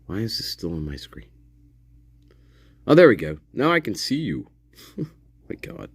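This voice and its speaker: A man's voice: fairly low pitch, big pitch swings, measured pace, breathy edge, dry recording. A man hosting a casual livestream, sarcastic and profane, laughing often as he mocks. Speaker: livestream host.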